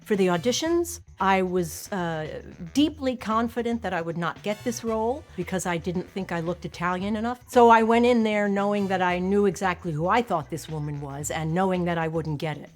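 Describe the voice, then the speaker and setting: This Long Island, New York actress talks at a normal speed with few pauses and a medium pitch, soft music playing behind her. On a close mic, she gives a candid, self-deprecating interview reflection in a relaxed, chatty way.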